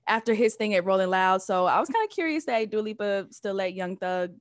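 A woman's voice: medium pitch, lively intonation, a little fast, no echo, clean studio sound. A woman co-hosting a hip-hop news podcast, chatty and agreeable in casual conversation. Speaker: podcast co-host.

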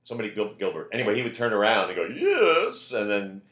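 Older man, very low voice, animated storyteller, echoey podcast room. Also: very fast. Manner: animated storyteller, shouts quoted lines. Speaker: comedian guest. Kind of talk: casual anecdote telling.

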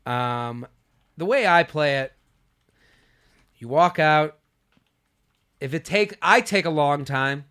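A young man hosting a podcast, telling comic stories in casual chat and dropping low and quiet for asides. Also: slow pace, pauses often, clean tone. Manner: animated storytelling, drops low and quiet for asides. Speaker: podcast host.

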